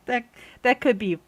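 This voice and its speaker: A woman from Canada hosting a casual group chat over a video call. She laughs often and stumbles through restarts as she talks. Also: a little high. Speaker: host.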